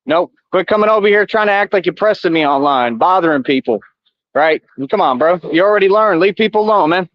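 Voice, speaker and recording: A man's voice: high-pitched, expressive, fairly quick. A middle-aged man streaming live outdoors, taunting his chat in a confrontational, repetitive rant. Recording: dull lo-fi, dry.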